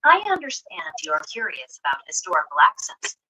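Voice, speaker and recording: A synthetic female voice assistant giving polished, helpful answers in a smooth conversational tone. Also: deep voice, very animated, fairly quick, background noise.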